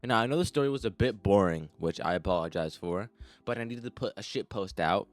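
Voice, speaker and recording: A man's voice: on the low side, expressive, brisk, soft background music. A young man telling a comedic story to the camera, rambling and crude, swearing often and talking to the listener as "you". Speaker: storytime vlogger.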